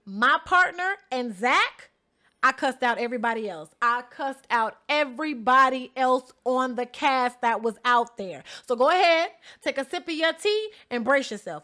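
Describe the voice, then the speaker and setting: A woman's voice: high voice, pushed and bright. A young woman vlogging, telling a story in a sassy, blunt, profane way and talking straight to her viewers. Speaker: vlogger recapping a reality show she competed on. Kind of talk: animated storytelling vlog.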